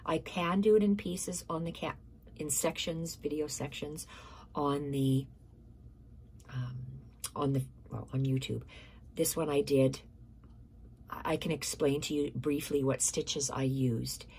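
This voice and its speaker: A woman's voice: deep voice, fairly even intonation, slow pace, long pauses, a little mellow, slight background noise. A woman hosting a casual stitching tutorial, explaining step by step, repeating measurements and correcting herself, sometimes dropping to a near-whisper.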